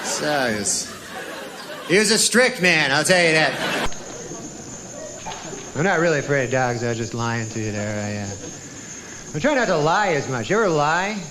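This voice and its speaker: A male comedian telling stand-up bits and mock news jokes in a deadpan, drawling way with wry asides. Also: fairly high pitch, normal speed, long pauses, crowd noise. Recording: old TV audio with audience laughter and hiss.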